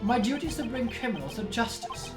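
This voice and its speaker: Girl doing a loud brash young prosecutor dude, jumpy voice, roomy echo and music. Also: fairly high pitch, very animated, brisk. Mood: blustering. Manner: loud, blustering. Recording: echoey room with music behind.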